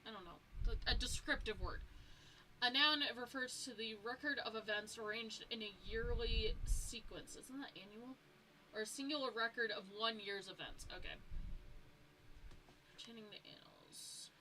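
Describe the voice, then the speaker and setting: A woman's voice: a little high, moderate pace, sharp tone, a little hiss or hum, rough recording. A young woman streaming a game, chatting casually with viewers and reading lore aloud, stumbling over words as she goes.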